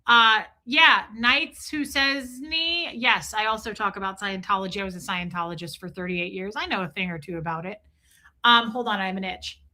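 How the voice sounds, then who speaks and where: A middle-aged woman hosting a livestream, talking in a profane, animated way as she comments on online drama and acts out what people said. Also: medium pitch, moderate pace. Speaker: livestream host.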